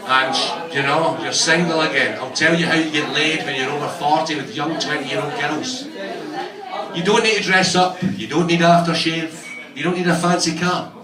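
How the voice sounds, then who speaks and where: A middle-aged Scottish man doing a stand-up set, with a crude, punchy delivery and a habit of teasing the crowd. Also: on the high side. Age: 40s. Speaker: stand-up comedian. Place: comedy club stage in a bar. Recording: echoey room from far off, crowd. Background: audience laughter.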